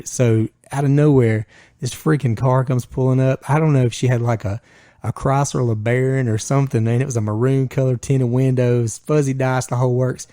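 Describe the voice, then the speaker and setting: A man co-hosting a podcast, telling a long, animated story. His voice jumps up whenever he quotes himself. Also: mid-range voice, a little fast, no echo, studio quality. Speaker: podcast co-host. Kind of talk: casual storytelling chat.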